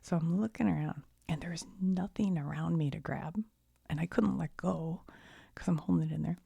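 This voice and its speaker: A middle-aged woman telling a rambling everyday story in soft-spoken ASMR style, often sinking into a whisper and chuckling as she goes. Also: sits low, moderate pace, gravelly, slightly rough, no echo. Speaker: ASMR channel host.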